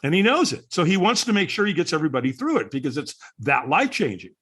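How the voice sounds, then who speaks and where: A man's voice: on the high side, big pitch swings, quick pace, fairly bright tone, slightly rough. A man who is a podcast guest, telling a story with lots of energy and acting out the people he quotes. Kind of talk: animated storytelling.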